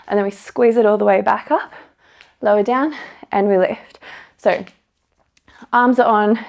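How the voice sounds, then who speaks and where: Here the pilates instructor's voice is medium in pitch, creaky, and darkish. The young woman coaches her class through the workout and counts down reps, a little out of breath, keeping things upbeat with light laughs.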